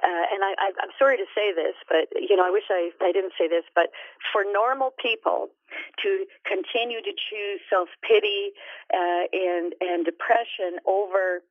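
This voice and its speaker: A woman's voice: mid-range voice, fairly even intonation, moderate pace, no echo, narrow, tinny audio. Woman talking faith in an interview, earnest, lots of uhs, thin phone-ish sound, dry. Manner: earnest and reflective, with many fillers. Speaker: guest, author and minister. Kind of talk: faith-based interview talk.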